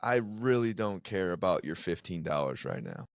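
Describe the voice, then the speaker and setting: A man with a very deep voice hosts a podcast and talks casually about police work. His speech is relaxed and unhurried, and it sounds dry and close to the mic with almost no room echo. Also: vocal fry. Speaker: podcast host, police officer. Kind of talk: casual interview chat.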